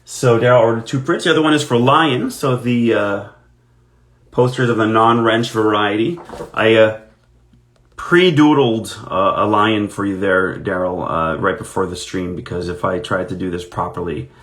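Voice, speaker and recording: A man's voice: fairly low pitch, fairly even intonation, moderate pace, fairly bright tone. A man, an actor, chatting casually on a live stream while signing autographs, telling anecdotes in a self-deprecating way.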